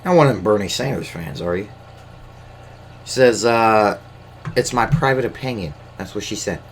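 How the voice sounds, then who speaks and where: Low-voiced guy, solo podcast host, hesitant and profane, light background hiss. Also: lively intonation, normal speed. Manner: hesitant, lots of fillers, profane. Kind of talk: casual rambling monologue. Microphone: camera mic.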